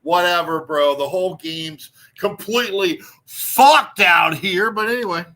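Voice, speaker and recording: A man rambling through a livestream, crude and full of fillers, often breaking into laughter. His voice is bright and a touch high, with a forceful edge. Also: a little slow. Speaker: livestream host. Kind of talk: rambling casual livestream chat.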